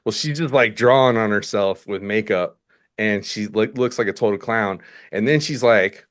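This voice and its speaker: A man's voice: lowish voice, moderate pace, fairly bright tone. A man co-hosting a podcast, casually describing a horror movie scene with crude, laughing asides. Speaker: podcast co-host. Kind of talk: casual movie recap chat.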